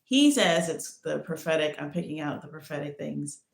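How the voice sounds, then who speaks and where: Woman host, lowish creaky voice, rambling casual storytelling, echoey room. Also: expressive, moderate pace. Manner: rambling, many restarts and "like"s. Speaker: podcast host.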